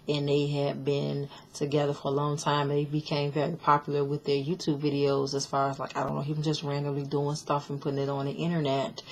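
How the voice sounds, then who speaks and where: A woman casually recapping a reality show episode, chatty and blunt, with lots of fillers and restarts. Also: sits low. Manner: blunt, sassy commentary.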